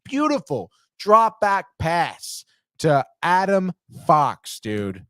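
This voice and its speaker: A man hosting a sports podcast, breaking down game highlights in an excitable, profane way and saying "dude" constantly. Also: very slow, no echo, studio quality.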